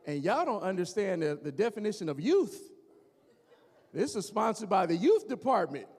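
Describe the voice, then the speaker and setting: A high-voiced stand-up comedian from Gary, Indiana, USA, teases and works the crowd at a normal speed. Animated and speaking straight to the audience, he performs before a live crowd in a church hall, and the recording carries that hall's reverb.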